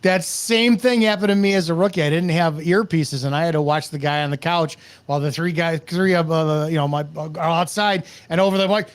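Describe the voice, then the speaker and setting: Quick-talking man co-host, slightly higher voice. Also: fairly even intonation. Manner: quick interjections and laughs. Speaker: co-host, police officer. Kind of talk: casual banter.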